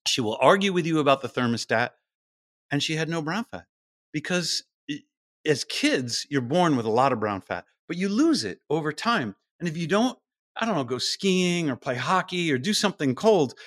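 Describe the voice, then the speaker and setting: A middle-aged man appears as a podcast guest, explaining things in a lively interview style and sometimes acting out quoted voices. His pitch is medium, and the studio-quality recording has no room sound.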